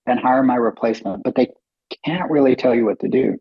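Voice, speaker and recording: Husky middle-aged guy spinning startup stories, acts out all the voices, kinda dull lo-fi sound. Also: medium pitch, brisk. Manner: animated, acts out quoted dialogue in other voices. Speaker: company co-founder and guest. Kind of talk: casual storytelling interview. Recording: dull lo-fi podcast audio.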